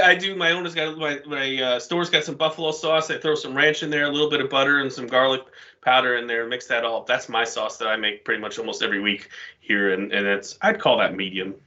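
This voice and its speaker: A man's voice: mid-range voice, pushed and bright, dull audio. A man co-hosting a podcast, explaining things in an easygoing, casual way. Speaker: podcast co-host. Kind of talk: casual banter.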